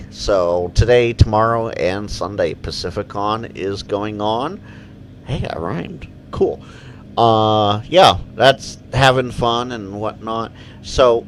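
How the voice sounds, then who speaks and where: Male stream host, casual and rambling, answers chat slowly with a lively up-and-down pitch. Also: slight background noise. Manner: rambling, reads viewer comments aloud and answers. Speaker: livestream Q&A host.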